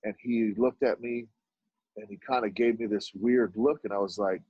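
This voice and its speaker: A husky-voiced man from Dallas telling animated stories as a podcast guest. He acts out the dialogue and his voice jumps up when he quotes other people. The recording is dry and a little muffled. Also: moderate pace, no echo. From Oak Cliff, Dallas, Texas. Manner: animated storyteller who acts out dialogue with sudden jumps in pitch. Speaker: podcast guest, artist and business owner. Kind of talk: storytelling in a conversational interview.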